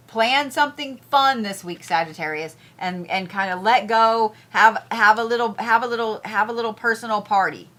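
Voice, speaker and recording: A woman's voice: a little high, fairly bright tone. A woman hosting casual zodiac and crystal reads, blunt and profane, repeating herself as she talks. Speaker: spiritual reader, host.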